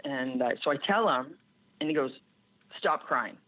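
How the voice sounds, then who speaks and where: A woman's voice: rumbling low, moderate pace, a bit bright, no room sound. A woman from Canada, a strength coach, telling a story in a candid, plain-spoken and reflective way in a podcast interview. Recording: tinny phone-like remote line.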